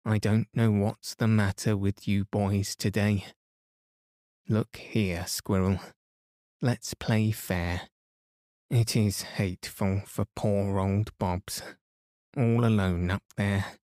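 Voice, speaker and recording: A man's voice: fairly low pitch, steady tone, takes it slowly, darkish tone, no room sound, clean studio sound. A man voicing an earnest young girl who pleads with her brothers to play fair in a storybook reading. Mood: pleading.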